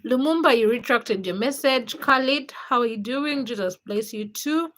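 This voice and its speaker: Chatting on her livestream, a woman from Uganda reads out viewer comments, greets viewers by name and teases them. She speaks at a moderate pace in a slightly high, somewhat bright voice.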